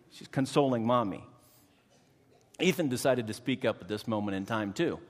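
A male pastor tells a lively personal anecdote and then turns it toward scripture in a steady preaching cadence. His voice sits at an ordinary middle pitch. The room gives it a long, church-like reverb. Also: normal speed. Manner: animated storytelling, acts out voices, preachy cadence. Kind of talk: sermon with personal story.

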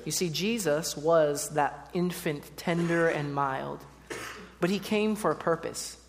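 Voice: medium pitch, slow pace, slight background noise. A preacher giving a sermon, reading scripture and talking to the congregation in a conversational way with playful asides. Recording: long hall reverb.

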